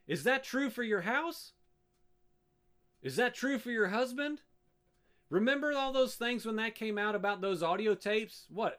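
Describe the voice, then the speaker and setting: A man's voice: very high voice, fairly bright tone. A man preaching a sermon as a pastor, firing off emphatic rhetorical questions at the church.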